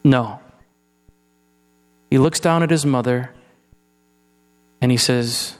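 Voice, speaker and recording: A man preaching a sermon, talking to his congregation with rhetorical questions and sometimes sinking into a hushed, solemn tone. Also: medium pitch, slow, pauses often. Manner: drops to a soft, hushed tone for solemn passages. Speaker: pastor. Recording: hall reverb with mains hum.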